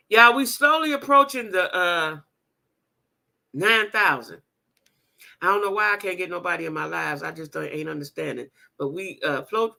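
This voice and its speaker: A woman's voice: sits low, pushed and bright. A woman hosting a casual gossip livestream. She talks straight to her viewers, reads chat names aloud, laughs often, and repeats lines for emphasis. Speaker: gossip show host.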